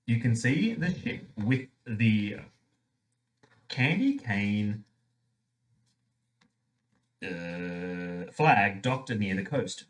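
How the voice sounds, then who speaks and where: A man's voice: on the low side, expressive, extremely slow, long pauses. A man playing a tabletop game, reading game text aloud in a playful way.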